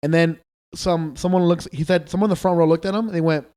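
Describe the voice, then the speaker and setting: A man's voice: a little high, steady tone, quick pace, a little mellow. A man co-hosting a podcast, telling ghost stories in casual chat, loose and swearing, acting out the people he quotes. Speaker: podcast co-host.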